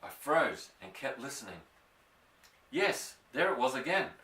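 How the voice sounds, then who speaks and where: A man narrating a children's story aloud, expressive and slowing for suspense. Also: medium pitch, recorded from a distance. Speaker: audiobook reader. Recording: roomy, off-mic.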